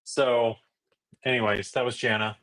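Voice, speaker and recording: A man's voice: medium pitch, level tone, measured pace, fairly bright tone. A middle-aged man hosting a casual live stream, talking loosely with many fillers and restarts. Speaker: host.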